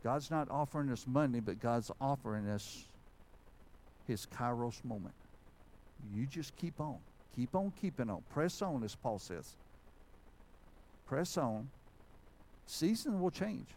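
A man, preaching a sermon in a church sanctuary and telling a story in a folksy, animated way. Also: mid-range voice, a little slow, pauses often, slight background noise, rough recording. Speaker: pastor.

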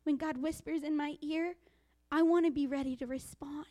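A woman preaching a sermon, reading scripture slowly and dropping into hushed whispers for emphasis. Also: high voice, fairly even intonation, no room sound. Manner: quotes scripture in a slow, deliberate voice.

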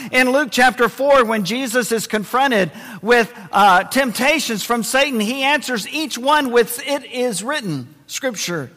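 A man preaching a sermon in a high, bright voice, moving between loud emphasis and quiet intensity. His words ring out with a long reverb, as in a church hall. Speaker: pastor.

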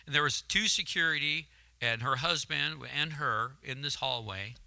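Fervent, bright-voiced male preacher. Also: on the high side, normal speed, gravelly, dry recording. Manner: emotional, building to fervent shouting. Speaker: guest preacher. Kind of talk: sermon testimony. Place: church sanctuary. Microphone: handheld mic, at times held away.

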